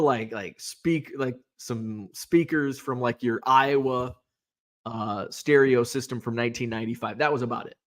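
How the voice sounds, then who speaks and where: A man hosting a casual live stream about sports cards, chatting loosely and answering viewer comments with lots of fillers and restarts. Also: medium pitch.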